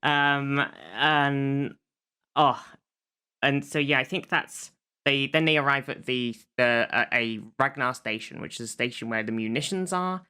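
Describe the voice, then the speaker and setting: Podcast co-host, male, bright and crisp, rambling casual recapper with fillers. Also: medium pitch, measured pace.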